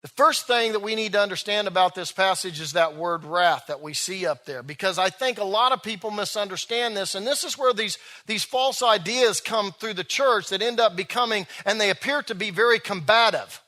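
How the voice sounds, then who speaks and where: A male pastor preaching a sermon in an emphatic style, stretching out key words and swinging between loud and soft passages. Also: high-pitched, fairly quick, few pauses.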